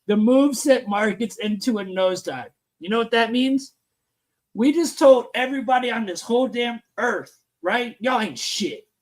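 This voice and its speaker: A man's voice: very high voice, normal speed. A man hosting a live stream panel, reading and ranting about the news in a crude, profane, brash way.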